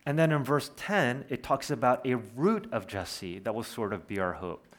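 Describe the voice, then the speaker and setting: A man preaching a sermon, earnest and explanatory, slowing down to stress key words. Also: mid-range voice, lively intonation. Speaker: pastor.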